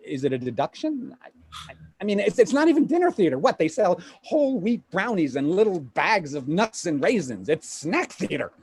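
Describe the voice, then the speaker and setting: An actor playing a pushy, fast-talking male Hollywood agent in a live play reading over a video call, with rapid, stammering sales patter. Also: high-pitched, sing-song, a little mellow, husky, full character voice. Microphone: home computer mic on a video call.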